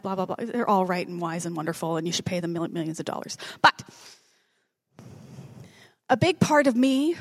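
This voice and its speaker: A woman preaching a sermon in a conversational, joking manner, dropping to a whisper at dramatic moments. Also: mid-range voice.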